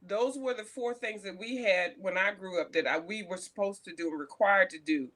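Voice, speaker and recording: A woman's voice: mid-range voice, moderate pace, fairly bright tone. A woman co-hosting a casual chat, telling blunt, profane stories about her school days. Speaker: co-host.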